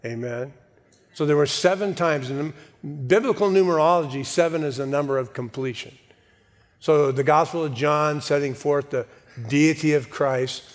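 A man preaching a sermon, reading scripture slowly and deliberately with measured pauses before explaining it. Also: fairly high pitch, long reverb tail. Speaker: pastor.

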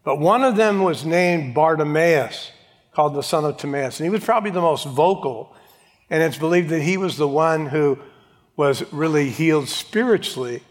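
A man's voice: fairly high pitch, lively intonation, normal speed. A man preaching a sermon, reading scripture aloud and acting out its voices with dramatic swings. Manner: dramatic, acts out Bible voices. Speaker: pastor. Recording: long hall reverb.

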